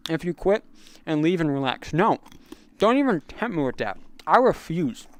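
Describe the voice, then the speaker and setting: A young man chats casually on a livestream, rambling with many fillers as he reads chat aloud and answers it. His fairly high voice swings widely in pitch at normal speed, picked up by a clip-on magnetic microphone.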